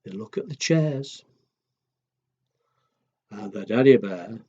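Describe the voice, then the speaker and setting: A man telling a children's story in a gentle, exaggerated storytime way. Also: on the low side, expressive, slow, long pauses, husky, lo-fi sound.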